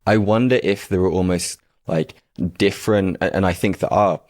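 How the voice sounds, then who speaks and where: This is a man hosting a podcast with a very low, deep voice. He asks questions in a searching, hesitant way and leans on fillers. The sound is dry and close, with no room echo. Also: fairly even intonation, normal speed, darkish tone. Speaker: podcast host. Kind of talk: reflective interview questions.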